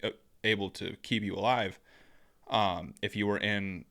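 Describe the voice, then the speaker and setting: A man's voice: fairly low pitch, steady tone, fairly bright tone. Rambling young male podcast co-host. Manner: halting, full of restarts and laughs. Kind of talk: casual chat.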